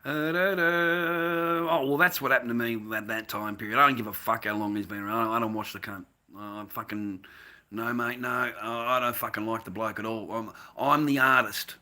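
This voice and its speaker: Sweary Australian man, bright voice. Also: medium pitch, steady tone, normal speed. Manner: profane, rambling, laughs often. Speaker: mask maker and live streamer. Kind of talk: casual live-stream rant. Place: at home.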